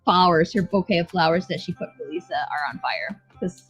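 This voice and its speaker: A woman's voice: fairly low pitch, fairly quick, husky, faint music behind, low-quality recording. A woman co-hosting a podcast, recapping a show in casual, blunt, profane, joking chat. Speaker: podcast co-host.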